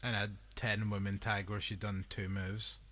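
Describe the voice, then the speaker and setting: Male co-host, bright tone, blunt and teasing. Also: fairly low pitch, flat delivery, normal speed. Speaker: podcast co-host. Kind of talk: casual podcast chat.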